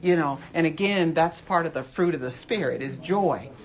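Woman Bible teacher, low register, earnest and emphatic, chatty sermon delivery with repetitions. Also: moderate pace. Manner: earnest, emphatic, repeats phrases, many "you know" asides. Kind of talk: conversational Bible lesson sermon.

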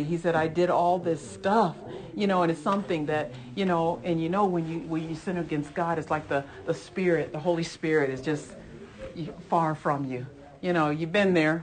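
A woman teaching a Bible lesson in a conversational sermon style, earnest and emphatic, repeating phrases with frequent asides to her listeners. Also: deep voice.

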